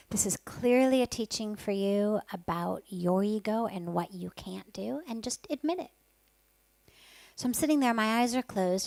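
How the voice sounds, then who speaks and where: A woman spiritual teacher tells a personal story in a medium-pitched voice, candid and vivid. She sometimes sinks to a near whisper for her inner thoughts. The sound is dry, with no room echo. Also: a little mellow.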